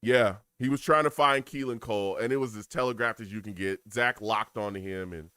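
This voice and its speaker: A man's voice: lowish voice, brisk, clear, resonant tone, dry recording, clean studio sound. A man with a New York accent doing casual live commentary on a football game, laughing often and reading viewer comments aloud. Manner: animated, laughs a lot, reads chat aloud. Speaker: live game reaction streamer.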